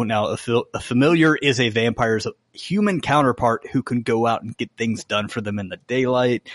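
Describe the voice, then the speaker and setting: Podcast co-host, eager and emphatic, dry room. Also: male voice, mid-range voice, dry recording. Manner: enthusiastic, emphatic recommending. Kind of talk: casual chat.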